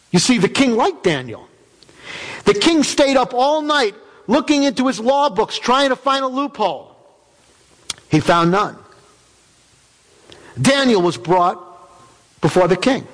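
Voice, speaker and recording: A man speaking as a biblical figure delivers a dramatic, emphatic first-person character sermon in a church sanctuary. He has a high-pitched, sing-song voice, a little slow, with frequent pauses. The recording echoes with hall reverb.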